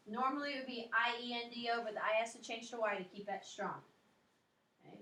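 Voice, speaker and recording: High-voiced woman teaching in an echoey classroom. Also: a bit bright. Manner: explanatory, checks in with frequent "okay?" and "um". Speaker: Spanish teacher. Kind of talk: classroom grammar lecture.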